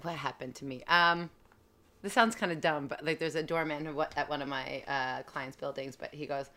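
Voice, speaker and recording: A woman's voice: deep voice, steady tone, normal speed, sharp tone. A woman from New Jersey, a dancer, chatting as a podcast guest and telling stories with easy laughter. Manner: easygoing, storytelling, laughing. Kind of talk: casual chat.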